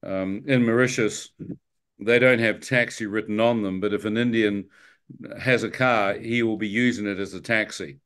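A man's voice: fairly low pitch, fairly even intonation, normal speed, a bit bright, clear, resonant tone. A man telling his near-death story, acting out the dialogue and laughing often, with a New Zealand accent. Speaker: guest telling his testimony. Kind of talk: spoken testimony storytelling.

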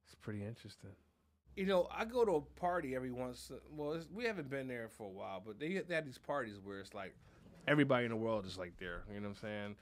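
A man hosting a podcast in casual chat, telling animated stories full of cursing and laughter. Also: mid-range voice, fast talker. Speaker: podcast host.

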